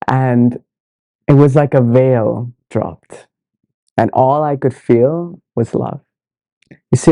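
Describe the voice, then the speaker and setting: Gravelly, mellow-voiced man telling his story. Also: mid-range voice, no echo. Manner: earnest, reflective, acts out quoted dialogue. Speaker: podcast guest, monk. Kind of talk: storytelling in an interview.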